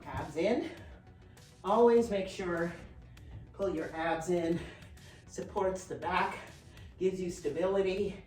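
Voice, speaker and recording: A woman's voice: on the low side, slow pace, long pauses, a little mellow. Breathless fitness coach woman over music. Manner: encouraging, counts reps and cues form while exercising. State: slightly out of breath. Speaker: fitness instructor. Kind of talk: workout instruction. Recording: roomy, from a distance, with faint music.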